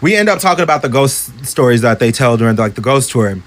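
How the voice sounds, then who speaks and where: A man tells a haunted-theater story straight to camera. He talks in a chatty, animated way and swears freely. His pitch is mid-range, but it jumps up whenever he voices his friends. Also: fast talker. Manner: animated, profane, chatty, swings into high voices for others.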